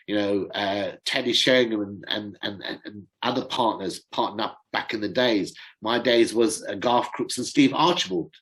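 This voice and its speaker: A man's voice: fairly low pitch, low-quality recording. A middle-aged man hosting a fan channel. He talks through football in a casual, rambling way and sometimes fumbles for names.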